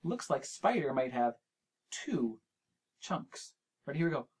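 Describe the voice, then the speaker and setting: A man hosting a preschool lesson, talking straight to the young viewer and sounding out words syllable by syllable in a gentle, encouraging way. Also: medium pitch, sing-song, a little slow, breathy edge. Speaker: children's show host.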